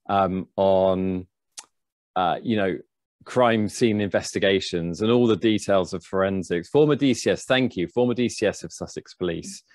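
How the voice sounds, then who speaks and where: Guy hosting a stream, low voice, dry sound, lots of uhs and restarts. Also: dry recording. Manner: hesitant, restarts often. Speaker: host. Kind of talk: livestream interview.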